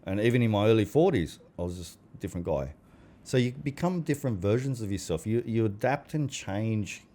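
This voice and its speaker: Brisk and lively in intonation, a man in his 40s with a mellow, fairly low voice chats casually as a podcast guest. He tells things bluntly, swears, and dramatizes the conversations he recalls.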